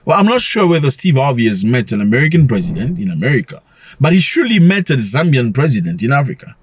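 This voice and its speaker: Man, casual commentary vlog, husky voice, lively swinging pitch, rhetorical questions, chuckling. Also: fast, no room sound. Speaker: commentary channel host.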